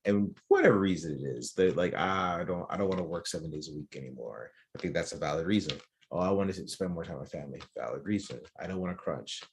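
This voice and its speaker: A man's voice: low voice, fast talker, creaky, hardly any pauses, slight background noise. A man co-hosting a casual podcast roundtable, talking optimistically and hedging often. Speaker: podcast co-host.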